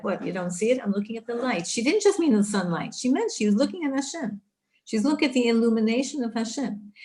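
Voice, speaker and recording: Woman Torah teacher, middle-aged, animated, talks right to her listeners, mid pitch. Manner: animated, speaks to listeners directly. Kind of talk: live online Torah class.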